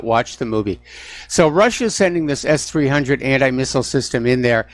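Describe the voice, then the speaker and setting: A man hosting a political call-in radio show, talking through the news with sarcastic asides. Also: on the high side. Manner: sarcastic, mocking blustery officials. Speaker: radio talk show host. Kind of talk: political talk radio monologue. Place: radio studio.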